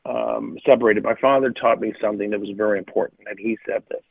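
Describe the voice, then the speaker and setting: A man's voice: fairly low pitch, fairly even intonation, fast, vocal fry, husky, dry recording. A middle-aged man co-hosting a podcast, telling stories in an emphatic, casual way and repeating phrases for punch. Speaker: podcast co-host. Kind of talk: casual storytelling chat. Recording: tinny phone-like line.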